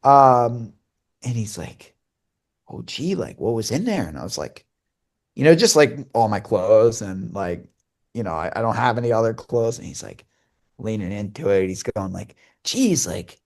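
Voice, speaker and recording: A man's voice: on the low side, lively intonation, moderate pace. A young man co-hosting a podcast and telling a casual story, rambling with many fillers and restarts and acting out the dialogue. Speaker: podcast co-host and hockey broadcaster.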